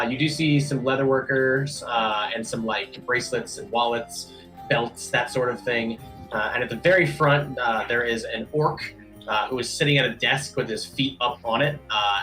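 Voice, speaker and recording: A man's voice: mid-range voice, brisk, bright, forceful tone, soft background music, rough recording. A man narrating a tabletop game as game master, casual with many fillers.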